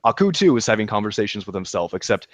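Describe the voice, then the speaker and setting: A man's voice: on the low side, very animated, fast, no room sound. A man chatting casually on a podcast, enthusiastically recapping a show, laughing and restarting his sentences with lots of ums. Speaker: podcast co-host reviewing a show. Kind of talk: casual review chat.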